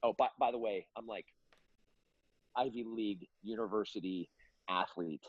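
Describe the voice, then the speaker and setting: A man's voice: on the low side, moderate pace, breathy edge, no room sound, highs cut off. A middle-aged man from California telling long family stories in a casual interview, rambling with many fillers and restarts. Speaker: guest.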